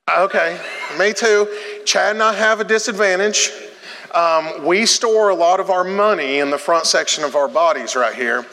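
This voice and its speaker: A man's voice: high voice, bright, forceful tone, big-room sound. A man preaching a sermon to his congregation, joking and coaching people through a demonstration in a church sanctuary. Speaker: pastor.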